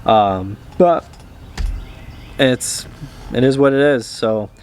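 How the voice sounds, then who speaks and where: Man, travel vlogger, casual chat, rambling, hesitant fillers, mid-pitched voice. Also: takes it slowly, a little mellow, slight background noise.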